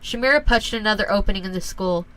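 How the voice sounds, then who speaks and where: A woman reading a first-person horror story aloud in a calm, measured way. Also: medium pitch, rough recording.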